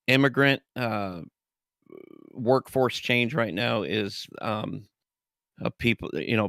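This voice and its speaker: A gravelly, low-pitched man from the United States hosts a casual livestream chat. He rambles and halts with many fillers, and his voice is clear and resonant. The recording is dry and close. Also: a bit bright, no echo. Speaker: podcast host.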